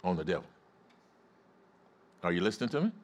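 A man's voice: low-pitched, very animated, fairly quick. Male pastor, sermon, emphatic, call-and-response, swooping intonation.

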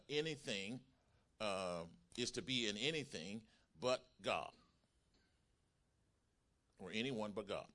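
A male pastor delivering a sermon to a congregation. He swings from calm explaining to loud, emphatic call-and-response preaching and often repeats and restarts his phrases. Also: lowish voice. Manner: builds from quiet teaching to loud, emphatic preaching with call-outs.

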